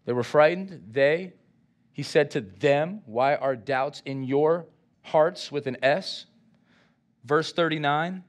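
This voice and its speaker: A man's voice: a little high, a little slow. A man preaching a sermon, reading scripture and drawing responses from the congregation. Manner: lively, engages congregation with call-and-response. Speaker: pastor.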